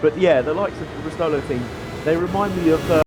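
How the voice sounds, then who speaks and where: A man's voice: on the high side, fairly quick, background noise. A man commentating a long endurance sim race in a chatty, rambling way, laughing often. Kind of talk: live sim-racing commentary.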